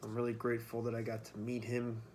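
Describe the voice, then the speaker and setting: A man's voice: medium pitch, completely flat delivery, quick pace, darkish tone, slight background noise. A man vlogging in a loose, rambling monologue, swearing freely as he talks. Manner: rambling, profane, freewheeling. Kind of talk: casual monologue to camera.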